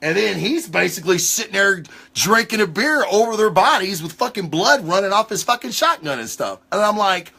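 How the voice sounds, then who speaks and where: A man hosting a casual livestream comic book review, talking in an excitable, rambling way with lots of swearing. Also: high voice, normal speed, vocal fry, few pauses. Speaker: comic book show host.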